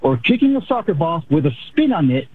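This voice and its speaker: A man's voice: a little high, very animated, a little fast, a little hiss or hum. A man from El Paso calling in to a radio show, chatty and rambling, heard over a phone line. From El Paso, Texas. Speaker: caller.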